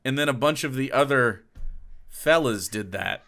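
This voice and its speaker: A man's voice: mid-range voice, animated, moderate pace, bright, forceful tone, faint music behind. A man streaming live and telling rambling, profane stories, laughing often as he talks. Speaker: streamer reacting to a clip. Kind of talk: casual livestream storytelling.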